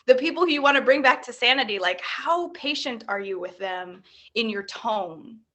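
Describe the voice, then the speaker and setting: A woman speaks earnestly in a casual group discussion. Her voice is bright and sits a little high. She leans on "like" as she works through her points. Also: animated, normal speed. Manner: earnest, many "like" fillers. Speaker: fellowship member sharing.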